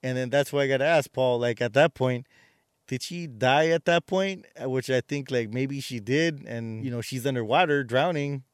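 A man's voice: medium pitch, normal speed, clean tone, dry recording, clean studio sound. A man co-hosting a casual chat, retelling a movie plot in a rambling way with many fillers and restarts. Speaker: podcast co-host.

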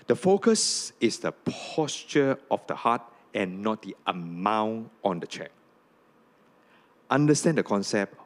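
A pastor preaches a sermon to his congregation, frequently checking in with "okay?" and "right?" His voice climbs high whenever he reads scripture aloud.

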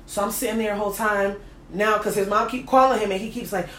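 A woman hosting a casual chat and telling a lively, slangy story about a date. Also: mid-range voice, quick pace, echoey room, slight background noise. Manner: animated, slangy, laughing storyteller. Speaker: host.

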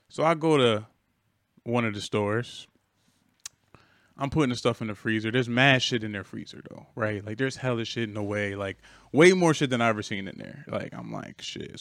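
A man's voice: medium pitch, fairly bright tone, no echo, clean studio sound. A young man casually telling a long work story on a podcast, laid-back and slangy with plenty of swearing. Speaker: podcast co-host.

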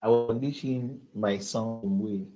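A pastor at an evening service, earnestly exhorting the congregation and leading prayer. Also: male voice, medium pitch, fairly even intonation, normal speed, dark tone, low-quality recording.

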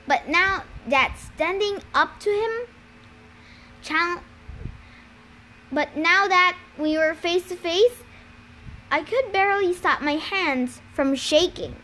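A woman's voice: high voice, sharp tone, a little hiss or hum. A woman reading a novel aloud, with small stumbles and self-corrections along the way. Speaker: reader.

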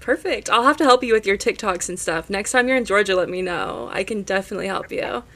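A young woman hosting a podcast, talking in a warm, effusive and grateful way. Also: medium pitch, expressive, fast. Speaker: podcast host. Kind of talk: casual interview chat.

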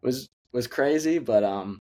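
A mellow, medium-pitched voice belongs to a young podcast co-host who speaks a little slowly yet animatedly. He chats loosely about films, piling up fillers and restarting his sentences as he rambles.

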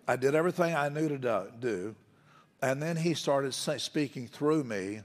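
A man's voice: mid-range voice, a little fast, big-room sound. A man preaching a sermon as a pastor, telling a story in a conversational way and building to firm emphasis.

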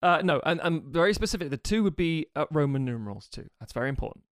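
A man co-hosting a casual podcast, pitching a film idea with jokey asides and quick impressions. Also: animated, no echo, clean studio sound. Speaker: podcast co-host pitching a sequel. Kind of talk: casual chat.

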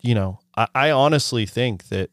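A man's voice: mid-range voice, normal speed, no echo, studio quality. A man in his forties, a fishing guide, telling stories in casual chat, swearing and laughing as he talks. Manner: animated storyteller, swears, laughs often.

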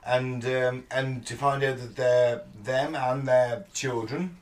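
A man leads a loose podcast chat, rambling through his points with plenty of swearing. He keeps agreeing with his co-hosts as he goes. His voice sits at a middling pitch and sounds a little distant from the mic. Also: steady tone, slow pace. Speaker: podcast co-host. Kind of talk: casual chat.

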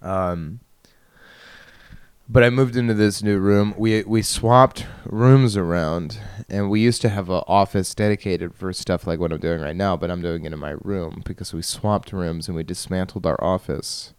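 Young male podcast host, deep and smooth voice, rambling and self-mocking, laughs a lot, dry close mic. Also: fairly even intonation, moderate pace, dry recording. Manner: self-deprecating, laughs often, trails off and restarts. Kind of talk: rambling solo podcast monologue. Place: bedroom. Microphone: studio microphone at a computer.

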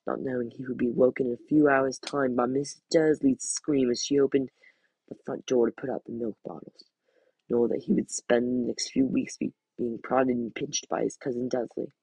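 Casual male podcast reader, steady storybook reading with a gravelly, husky tone. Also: medium pitch, moderate pace, no echo, poor audio. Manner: steady, plain reading with small slips and restarts. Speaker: podcast host reading a book aloud. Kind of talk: reading a novel aloud and reviewing it.

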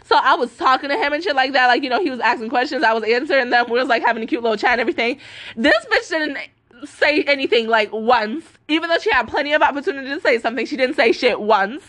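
Young woman ranting on her podcast, cussing a lot, high bright voice. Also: animated, fast. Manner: cussing, heavy filler "like", quotes others in put-on voices. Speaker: podcast host. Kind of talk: casual rant.

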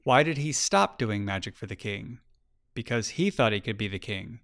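A man reading a storybook aloud, voicing a calm, patient mother who guides with questions, in a gravelly voice. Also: lowish voice, normal speed. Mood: questioning.

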